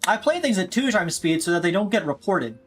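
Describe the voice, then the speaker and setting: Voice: mid-range voice, big pitch swings, fairly quick, faint music behind. A VTuber game streamer chatting casually, goofy and self-mocking. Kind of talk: casual livestream chat.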